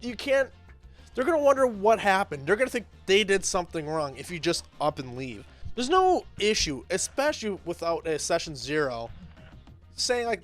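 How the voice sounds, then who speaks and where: A man's voice: high-pitched, very animated, moderate pace, faint music behind. A man hosting and commenting on role-play stories in casual, emphatic talk, repeating himself for effect.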